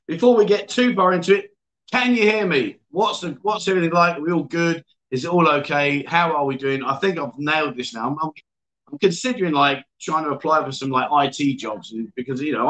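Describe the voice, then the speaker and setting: A man's voice: fairly high pitch, a bit bright, rough recording. A man hosting a casual livestream, chatting and reading viewer comments aloud with lots of fillers. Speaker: livestream host. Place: indoor venue.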